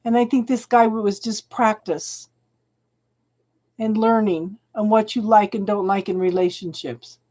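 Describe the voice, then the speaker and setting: Slow-talking woman doing live tarot readings. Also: mid-range voice, steady tone. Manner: chatty, warm-hearted, calls viewers hon. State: tearful, emotional. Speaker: tarot reader.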